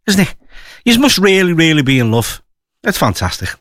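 A man's voice: a little high, wildly swooping pitch, normal speed, long pauses, fairly bright tone, no echo, clean studio sound. A man presenting a local radio show, rambling and chatty with many fillers and asides. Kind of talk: casual radio chat.

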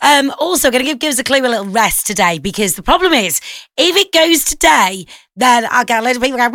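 A young woman presenting breakfast radio in an upbeat, chatty way with quick asides, close on a studio microphone. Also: on the high side, expressive, a bit bright, no echo.

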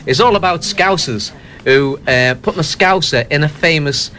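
A man co-presenting a radio show, reading listener jokes in an animated, laughing way. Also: fairly high pitch, normal speed. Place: radio studio.

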